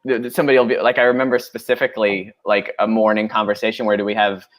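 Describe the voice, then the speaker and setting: A man co-hosting a casual podcast chat, talking in a relaxed, rambling way. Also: fairly low pitch, rapid-fire. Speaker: podcast co-host.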